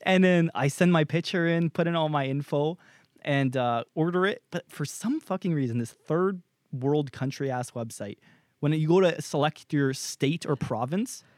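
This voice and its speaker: A man's voice: a little high, moderate pace, dry recording, studio quality. A young man from Canada co-hosting a podcast, telling a story in a loose, profane way and acting out what others said. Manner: animated, profane, acts out quoted exchanges. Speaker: podcast co-host.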